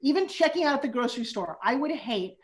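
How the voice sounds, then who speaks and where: A woman in her fifties hosting a casual chat, telling animated parenting stories and acting out quotes. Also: sits high, quick pace. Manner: animated storyteller who acts out quotes. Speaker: host.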